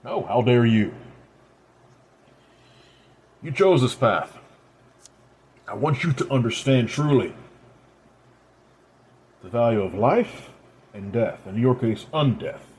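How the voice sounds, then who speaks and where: A man's voice: medium pitch, expressive, takes it slowly, long pauses, a little mellow, slight background noise. A man voicing a stern ancient woman. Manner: commanding, scolding. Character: ancient immortal red-haired woman, stern and proud.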